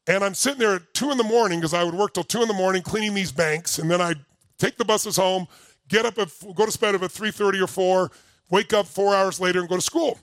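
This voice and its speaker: A middle-aged man giving an animated, emphatic motivational talk to a live audience, rising to near-shouting as he tells a story. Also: sits high, no room sound. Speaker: motivational speaker.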